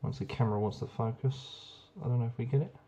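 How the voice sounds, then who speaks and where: A man's voice: medium pitch, fairly even intonation, quick pace, warm tone, muffled recording, a little hiss or hum. A young man chatting casually and enthusiastically while reviewing beers, rambling with plenty of ums. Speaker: beer reviewer. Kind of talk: casual beer review vlog.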